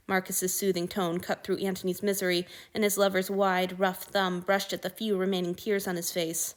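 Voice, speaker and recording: A woman's voice: fairly low pitch, little pitch movement, moderate pace, hardly any pauses. Woman reading fan fiction aloud. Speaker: narrator.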